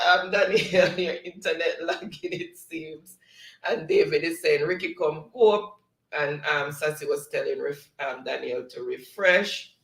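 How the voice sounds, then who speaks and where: A man's voice: fairly high pitch, unhurried, creaky, a bit bright, roomy sound. A man with a Jamaican accent co-hosting a live stream, reading viewer comments aloud with frequent laughs. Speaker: live show co-host reading chat. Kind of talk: casual live-stream chat.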